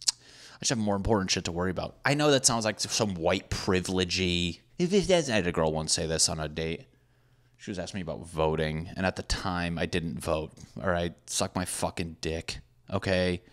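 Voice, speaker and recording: Young male podcast host, low voice, profane sarcastic rambling. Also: lively intonation, moderate pace, fairly bright tone. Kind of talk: casual comedic monologue. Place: apartment building with hammering neighbors.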